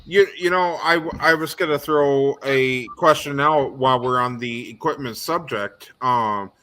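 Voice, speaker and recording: A man's voice: mid-range voice, unhurried, bright, forceful tone, slight background noise. A man co-hosting a casual podcast, asking long questions full of fillers and restarts. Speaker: podcast co-host. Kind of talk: casual video podcast chat.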